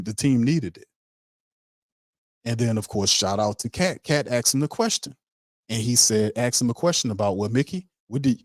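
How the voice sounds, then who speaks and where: A man's voice: mid-range voice, a little mellow, dry recording, studio quality. A man hosting a sports show, ranting heatedly and calling on his chat to agree. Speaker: sports podcast host. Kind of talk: opinionated sports commentary.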